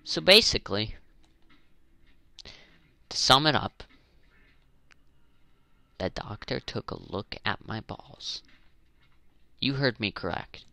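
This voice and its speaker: A young gaming channel host gives casual, rambling, jokey commentary while playing a zombie game, often asking exasperated high-pitched questions. He is animated yet slow-paced, with a creaky, pushed and bright voice, long pauses, and a dry recording.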